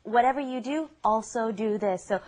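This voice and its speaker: A woman hosting a television language lesson, cheerful and laughing often as she explains words slowly. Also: fairly high pitch, darkish tone. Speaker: host.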